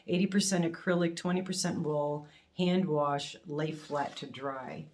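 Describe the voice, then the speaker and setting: A middle-aged woman hosting a casual unboxing vlog, gushing and emotional, quick to laugh as she opens gifts. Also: low voice, a little mellow. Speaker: crafting channel host.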